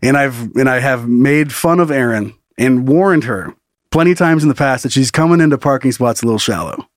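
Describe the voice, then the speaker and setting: A man's voice: medium pitch, animated, fairly quick, no echo, clean studio sound. A man telling a story as a podcast host, in casual, profane comedy chat full of laughs.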